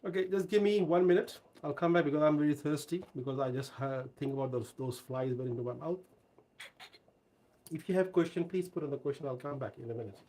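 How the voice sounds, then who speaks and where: Husky-voiced man giving animated career advice. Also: on the high side, fast. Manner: animated storytelling, emphatic. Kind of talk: casual live Q&A talk.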